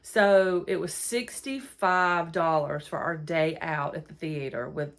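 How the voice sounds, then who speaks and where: A woman's voice: low voice, slow pace. Chatty woman telling a story. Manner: chatty, rambling, exasperated. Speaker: podcast host. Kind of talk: casual storytelling monologue. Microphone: phone.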